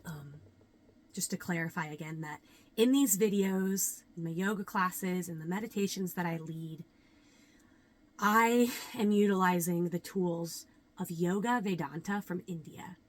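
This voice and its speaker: A young adult woman, a yoga teacher, talking earnestly and reflectively to camera, with many ums and pauses. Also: on the low side. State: a little nervous. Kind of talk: casual talk to camera.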